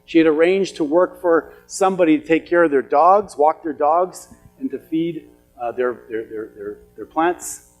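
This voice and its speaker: A man's voice: fairly high pitch, normal speed, soft background music. A middle-aged man giving a motivational seminar talk to an audience, telling stories with emphatic, repetitive phrasing. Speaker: motivational speaker. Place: event hall with an audience.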